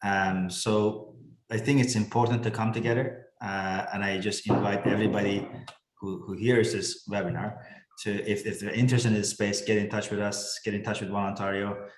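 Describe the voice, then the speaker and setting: A man's voice: on the low side, flat delivery, moderate pace, reverberant, noisy background. A man on a webinar panel, making an earnest rallying appeal with many fillers. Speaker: industry panelist.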